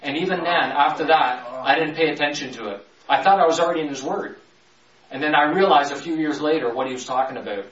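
Guy preaching bible stuff, drags out the big words then rushes asides, kinda far from the mic, dull sound. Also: a little high, fairly bright tone. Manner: stretches key words slowly, rushes through asides. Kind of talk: conversational Bible teaching. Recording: roomy, distant, dull sound.

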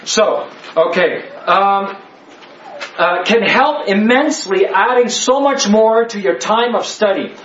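A man's voice: high voice, lively intonation, slow pace, fairly bright tone, a little hiss or hum. A man teaching a Bible study class, emphatic and joking, full of rhetorical questions. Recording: echoey, slightly dull room.

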